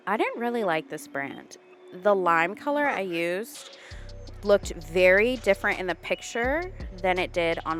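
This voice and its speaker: Young woman vlogger, congested, lowish voice, candid and chatty voice-over, faint music under. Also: a bit bright. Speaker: nail art vlogger. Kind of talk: voice-over narration. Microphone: borrowed studio microphone.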